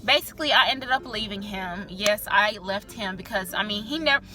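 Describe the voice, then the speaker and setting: Bright-voiced young woman telling a story. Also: medium pitch, a little fast, a little hiss or hum. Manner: chatty, filler-heavy, swears freely. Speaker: vlogger. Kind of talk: candid storytime vlog.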